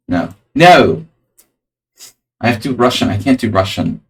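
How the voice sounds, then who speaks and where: A man's voice: lowish voice, animated, a little slow, long pauses, far from the mic, low-quality recording. A man streaming chess, thinking aloud over his moves with dry, jokey asides. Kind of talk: live-stream chess commentary.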